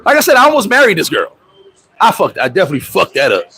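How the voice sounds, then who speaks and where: A man hosting a casual livestream, telling stories in a profane, animated way, with loud outbursts, and answering viewer comments. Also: high-pitched, quick pace, rough recording. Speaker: livestream host.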